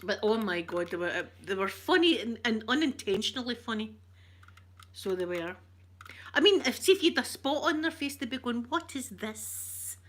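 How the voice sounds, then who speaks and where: A woman's voice: a little high, big pitch swings, normal speed, a bit bright, slight background noise. A woman with a Scottish accent chatting casually to her viewers, telling stories and laughing often. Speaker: ASMR streamer chatting with viewers. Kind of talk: casual chat.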